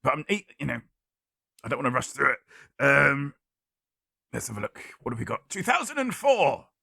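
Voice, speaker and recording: A man hosts a live-streamed guessing game and reads out chat guesses with a wry, deadpan humor. His voice is gravelly with a husky edge and a bright, piercing tone. The sound is dry and close, with no room around it. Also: medium pitch, moderate pace, dry recording.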